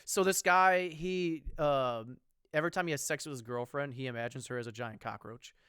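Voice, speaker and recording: A man's voice: medium pitch, normal speed, fairly bright tone, smooth, dry recording, clean studio sound. Rambling, foul-mouthed podcast guy. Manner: rambling, profane, lots of ums and restarts. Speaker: podcast co-host. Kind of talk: casual chat.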